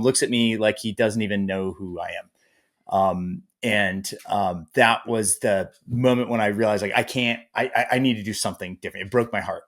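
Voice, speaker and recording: A man in his thirties, a podcast guest telling his story with lively, acted-out asides. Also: fairly low pitch. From Boise, Idaho area. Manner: animated storyteller, acts out his own past thoughts. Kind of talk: podcast interview.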